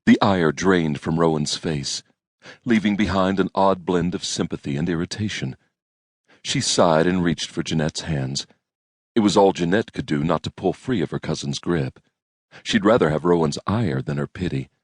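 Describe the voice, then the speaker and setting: A man narrating an audiobook in a measured storytelling manner, recorded on a close studio mic. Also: low-pitched, no room sound. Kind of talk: scripted narration.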